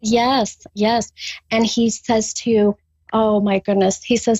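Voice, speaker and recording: A woman doing a psychic reading for a caller, halting with many ums, then bursting into gushing excitement. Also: on the high side, dry recording, dull audio. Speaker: psychic medium. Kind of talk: live spirit reading with a caller.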